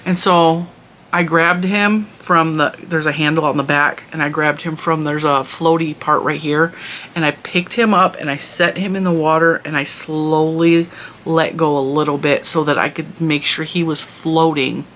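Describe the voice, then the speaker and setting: A woman's voice: deep voice, fairly even intonation, normal speed, fairly bright tone, slight background noise. A woman telling a long story in a casual vlog, chatty and rambling with lots of restarts. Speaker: vlogger and mother.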